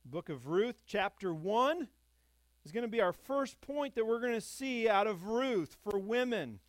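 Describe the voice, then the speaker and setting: A man's voice: sits high, lively intonation, measured pace, no room sound. A man preaching a Bible-teaching sermon, reading scripture aloud, explaining it in plain talk and putting questions straight to his listeners. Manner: reads scripture aloud, then explains it conversationally; addresses the congregation directly with questions.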